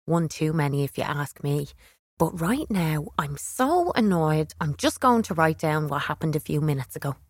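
A woman reads a first-person children's story aloud, wry and expressive. Her voice sits on the low side. The studio recording is dry and close to the mic. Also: moderate pace, slightly rough, no echo. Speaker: audiobook reader.

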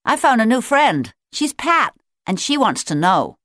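Chatty young boy sea otter, put on by a woman reader, eager show-off, lively sing-song, dry. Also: sits low, normal speed, no echo. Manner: friendly, keen to show what he knows.

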